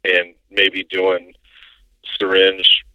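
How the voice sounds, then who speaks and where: A man's voice: low-pitched, monotone, extremely slow, clean tone, no room sound, highs cut off. A man from Iowa co-hosting a podcast over a remote line, telling stories in an easygoing way. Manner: easygoing, storytelling. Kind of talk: casual podcast chat.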